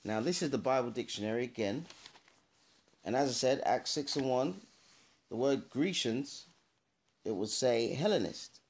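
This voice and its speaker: A man's voice: mid-range voice, animated. A man giving an informal, emphatic Bible teaching to camera, speaking straight to his viewers and reading out references. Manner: emphatic, addresses viewers directly, pauses to check sources. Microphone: camera mic, adjusting camera while talking.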